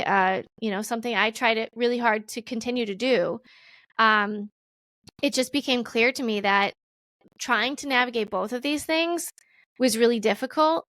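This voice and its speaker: Woman, 30s, podcast guest; casual and animated, voices her past self with big pitch swings; dry recording. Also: dry recording. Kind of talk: casual storytelling interview.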